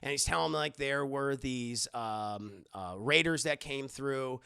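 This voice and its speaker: Dude streaming a movie recap, super gravelly voice, bright and tense, swears a lot and keeps talking to chat. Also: male voice, medium pitch, measured pace. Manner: rambling, profane, keeps addressing the chat; acts out characters' lines as he retells scenes. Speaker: movie reviewer and livestreamer. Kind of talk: casual livestream movie recap.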